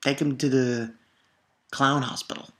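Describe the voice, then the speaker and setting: Low-voiced, excitable woman reviewer. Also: unhurried. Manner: excitable, profane, rambling with restarts. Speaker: manga chapter reviewer. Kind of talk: casual video review.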